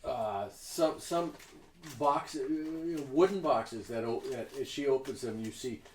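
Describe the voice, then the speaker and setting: A man narrating as game master of a tabletop game, halting and repeating words, recorded far off in an echoey room with faint noise. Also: mid-range voice, expressive.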